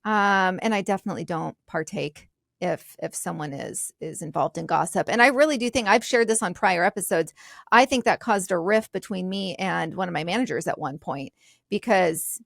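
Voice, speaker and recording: A woman's voice: fairly low pitch, normal speed, vocal fry, a bit bright, no room sound. Woman co-host with a dry close sound. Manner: candid, explanatory, lighthearted asides. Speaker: podcast co-host. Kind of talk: casual podcast discussion.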